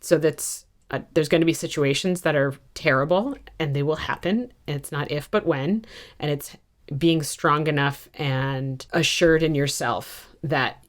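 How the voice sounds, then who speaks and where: Low-voiced candid woman guest. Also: measured pace. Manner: candid, self-mocking storyteller. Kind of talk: casual podcast interview.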